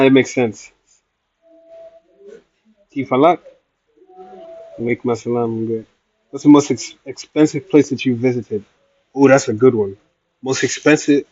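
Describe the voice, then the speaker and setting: A man's voice: mid-range voice, darkish tone, no echo, muffled recording. A man on a casual travel livestream, chatting playfully as he answers viewers' questions. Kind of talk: casual livestream chat reading comments. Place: traveling in Iraq.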